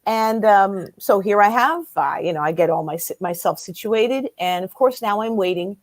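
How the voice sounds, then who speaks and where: Interview guest, woman in her fifties, mid-range voice, lively teller who plays every part in her story, dry recording. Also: mid-range voice, normal speed, dry recording. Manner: animated storyteller who acts out quoted dialogue.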